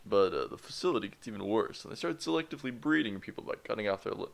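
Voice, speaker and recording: A man voicing a shy, bookish young woman from a game as a deep-voiced Italian mob boss, in a put-on Italian accent. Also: lively intonation, rapid-fire, gravelly. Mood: mock-menacing.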